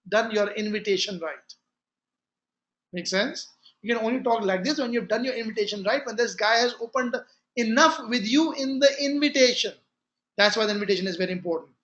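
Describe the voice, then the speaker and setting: Male sales trainer, emphatic, repeats himself, sharp high voice. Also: dull audio. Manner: emphatic, repeats key phrases, frequent restarts.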